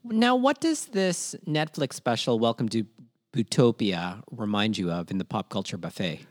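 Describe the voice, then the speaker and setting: A man hosting a podcast, asking his co-host questions and reacting with quick exclamations. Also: fairly low pitch, very animated, no room sound, clean studio sound. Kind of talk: casual interview chat.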